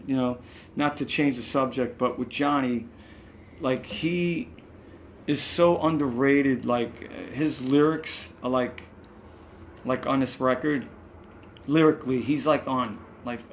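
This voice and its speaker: A man's voice: mid-range voice, measured pace, a little hiss or hum. A man with a New York accent tells rambling backstage stories in a casual interview, acting out quotes and swearing now and then. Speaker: musician guest. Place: hotel room.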